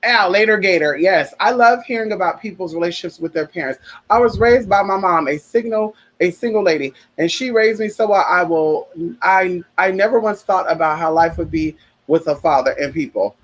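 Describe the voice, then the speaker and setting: Sassy high-voiced man chatting on a livestream. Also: moderate pace, a bit bright, rough recording. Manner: sassy, chatty, calls listeners honey and girl; earnest, heartfelt when talking about grief. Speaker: livestream host. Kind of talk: casual livestream chat.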